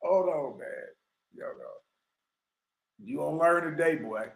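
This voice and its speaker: A man's voice: fairly high pitch, a little slow, creaky. Theatrical laughing man in an echoey room. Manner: animated, theatrical, laughing, slangy. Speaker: livestream host. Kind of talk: mocking commentary.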